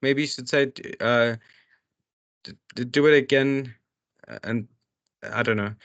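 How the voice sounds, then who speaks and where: A man tutors students through a workbook, reading each question aloud and then explaining it, with many restarts and fillers. His mid-range voice is a little slow, creaky, and a bit bright.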